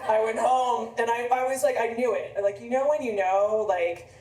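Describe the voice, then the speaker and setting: A woman in her fifties on a book tour tells a personal story in a rambling, conversational way, frequently restarting her sentences. Her voice is fairly high, dark in tone and moderately paced, captured by a distant mic in an echoey room.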